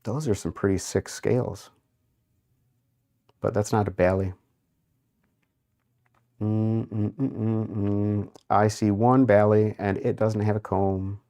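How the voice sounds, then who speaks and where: A man's voice: fairly low pitch, fairly even intonation, mellow. A man hosting a casual livestream, reading viewers' chat aloud and muttering to himself while he browses. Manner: unhurried, muttering while browsing, amused asides. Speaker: livestream host.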